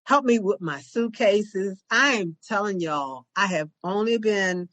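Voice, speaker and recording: Older woman, podcast co-host, chatty storyteller, mid pitch, dry sound. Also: lively intonation, unhurried, a bit bright, no room sound. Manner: chatty storyteller who acts out other people's lines. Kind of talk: casual chat.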